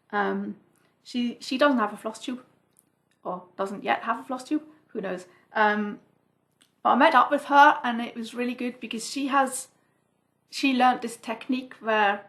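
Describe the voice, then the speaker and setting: Female hobby vlogger, home setup, chatty and rambling, a slightly high voice with some vocal fry. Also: fairly bright tone. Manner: chatty and rambling, with many asides. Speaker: cross-stitch vlogger. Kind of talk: casual chat to camera.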